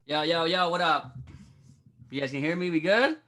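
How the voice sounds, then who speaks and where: A man's voice: a little high, normal speed, pushed and bright. A middle-aged man doing a brash, profane, rambling stand-up bit as a guest on a live stream. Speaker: comedian guest.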